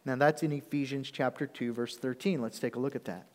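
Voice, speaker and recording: A man's voice: medium pitch, fairly even intonation, a little fast, a little mellow. A man preaching a sermon as pastor, talking conversationally and checking in with the congregation often. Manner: conversational preaching with frequent "okay?" check-ins. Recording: long hall reverb.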